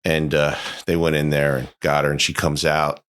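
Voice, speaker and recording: A man with an extremely deep, low voice, chatting as a podcast guest. He talks haltingly, stopping and restarting his sentences with plenty of fillers. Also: flat delivery, a bit bright. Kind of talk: casual chat.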